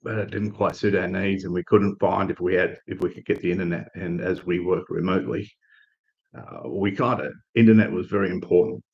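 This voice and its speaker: A man from Australia chatting casually on a live stream, telling a relaxed, rambling story with restarts and fillers. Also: low voice, fairly quick, creaky, dull audio.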